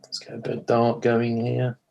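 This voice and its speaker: A man's voice: medium pitch, completely flat delivery, unhurried, vocal fry, a little mellow, muffled recording. A man teaching watercolour painting in a live demonstration, thinking aloud as he works, correcting himself mid-sentence and joking at his own expense. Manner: chatty, thinks aloud while working; self-deprecating humour.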